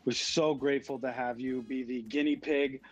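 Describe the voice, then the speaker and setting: A man hosting a casual interview, warm and effusive in his thanks, easily moved. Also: mid-range voice, fairly even intonation, normal speed, low-quality recording. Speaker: interviewer and club host. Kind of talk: casual interview over an audio chat app.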